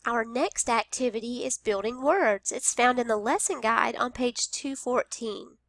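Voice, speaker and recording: A woman teaching a phonics lesson to young children, speaking slowly and sounding out each word with care. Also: fairly high pitch, fairly bright tone, no echo. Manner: slow, careful, over-enunciated.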